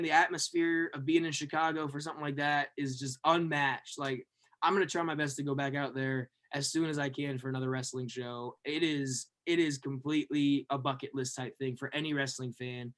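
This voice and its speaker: A young man co-hosting a podcast, telling a rambling, profane story with lots of fillers and yelled-out quotes. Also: on the high side, fairly even intonation, a little fast. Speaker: podcast co-host. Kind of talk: excited casual storytelling.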